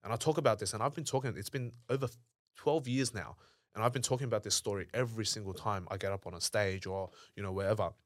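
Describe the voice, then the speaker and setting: A young Australian entrepreneur, a podcast guest, tells stories bluntly and emphatically, swearing a lot. His fairly low voice moves fast, recorded with clean studio sound and no room sound. It's candid storytelling in conversation.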